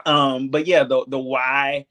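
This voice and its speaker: A man of thirty, a podcast guest, talking candidly in a hesitant, reflective way with many pauses and filler words. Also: mid-range voice, level tone, pushed and bright. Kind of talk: candid conversation.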